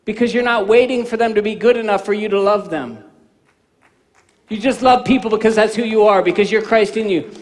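Pastor, male, fifties, high voice; animated sermon storyteller in a long-reverb sanctuary. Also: brisk. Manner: animated, acts out dialogue in quoted voices. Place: church sanctuary. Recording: reverberant church hall.

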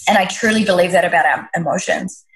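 Husky-voiced woman coaching earnestly. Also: lowish voice, quick pace, low-quality recording. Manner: earnest, reflective, with frequent restarts. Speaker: leadership coach, podcast guest. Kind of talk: conversational interview answers.

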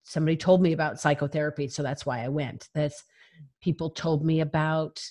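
A woman's voice: low-pitched, steady tone, brisk, darkish tone. A woman guest in an interview, telling her own story in a frank, emphatic way and laughing between phrases. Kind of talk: candid personal storytelling.

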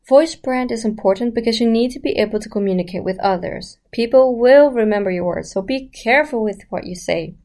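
A voice coach with a medium-pitched, slightly mellow voice gives a casual, explanatory lesson about the voice. She chats directly to the listener and poses rhetorical questions.

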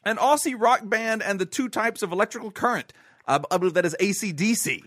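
A man's voice: high voice, a bit bright, no room sound, studio quality. A man co-hosting a podcast, reading listener mail and running a trivia game, laughing often. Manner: laughs often, reads aloud quickly. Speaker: podcast co-host.

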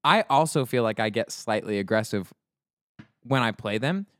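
A young man co-hosting a podcast, chatting casually and telling stories with lots of animated voices. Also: fairly low pitch, normal speed, no room sound. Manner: animated storyteller acting out voices. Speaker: podcast co-host. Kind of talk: casual chat.

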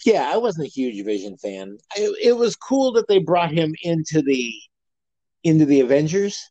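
A man's voice: on the high side, sing-song, normal speed, mellow, dry recording, lo-fi sound. A man co-hosting a podcast, chatting casually and rambling with many fillers and restarts. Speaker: podcast co-host. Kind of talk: casual chat.

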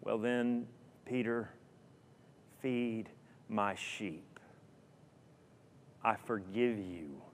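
A man voicing a gentle, solemn male teacher who speaks softly and slowly, offering forgiveness. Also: mid-range voice, fairly even intonation, slight background noise. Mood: tender. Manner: soft, slow, solemn. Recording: long hall reverb.

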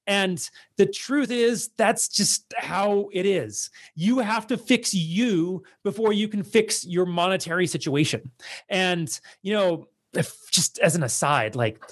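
Blunt, exasperated man with a high voice. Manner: blunt, exasperated, lots of filler words. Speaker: online content creator. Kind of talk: blunt monologue to followers.

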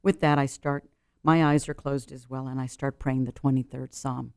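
A woman's voice: a bass voice, little pitch movement, normal speed, no room sound, clean studio sound. A middle-aged woman telling a personal story as an interview guest, earnest and vivid, building tension through repetition.

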